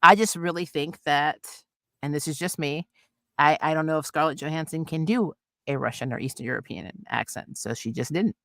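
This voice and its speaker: Woman co-host, bright and punchy, animated casual chat, dry close sound. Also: low voice, no echo. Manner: animated, laughs often, quick asides. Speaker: podcast co-host. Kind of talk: casual chat about comics and films.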